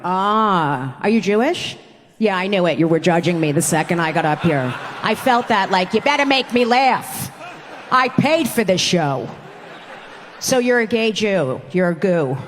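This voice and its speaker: A woman in her forties, a stand-up comedian doing brash, profane, teasing crowd work on a club stage. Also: medium pitch. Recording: live club with audience laughter and noise.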